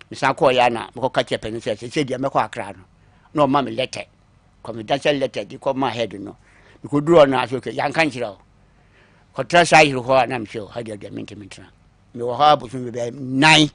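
A man recounting his own long story on a talk show, acting out what others said to him, moving between quiet asides and louder bursts. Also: mid-range voice, fast talker, vocal fry, dry recording. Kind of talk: call-in story telling.

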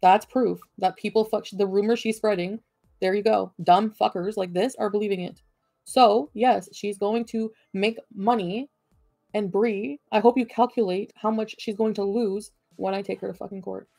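A woman's voice: mid-range voice, fairly even intonation, moderate pace, vocal fry, mellow, no room sound. Profane, combative woman ranting on stream. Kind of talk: livestream rant at chat.

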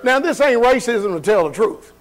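A man's voice: extremely high pitch, lively intonation, moderate pace, low-quality recording. A male pastor preaching a sermon in a church, putting questions to his congregation and talking in a loose, colloquial way. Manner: colloquial, laughs at his own remarks, shifts between loud and quiet. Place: church sanctuary.

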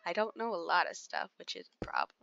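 A woman's voice: fairly low pitch, big pitch swings, quick pace, vocal fry, bright, forceful tone. A woman giving casual, chatty commentary while playing a game, easily startled and talking to the animals around her. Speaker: gamer streaming play. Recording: dull lo-fi sound.

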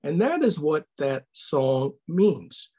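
A man's voice: a little high, big pitch swings, slow, warm tone, husky. An older man giving a conversational online history lecture over a video call, putting questions to his audience.

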